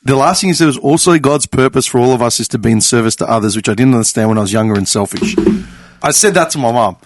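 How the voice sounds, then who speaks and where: A young man of Greek family hosting a casual podcast chat, animated and swearing freely as he retells conversations. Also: mid-range voice, fast, noisy background. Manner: animated storyteller, swears freely, quotes others. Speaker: podcast host.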